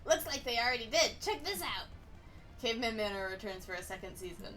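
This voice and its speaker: A woman's voice: fairly high pitch, expressive, a little fast, bright, forceful tone, soft background music. A woman streamer reading a game aloud with playful, giggly narration.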